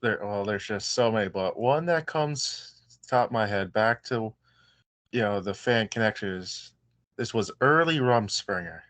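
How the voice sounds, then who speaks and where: An easygoing man with a fairly low voice, guesting on a podcast and telling stories in a relaxed, unhurried way. The sound is dry and close. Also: dry recording. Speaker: wrestler guest. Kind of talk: casual interview storytelling.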